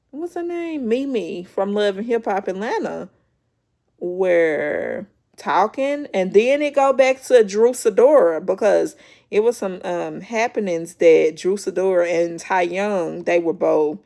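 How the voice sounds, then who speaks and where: A woman's voice: medium pitch, creaky, darkish tone. A woman hosting a casual reality show recap, chatty and storytelling, acting out quotes with laughs.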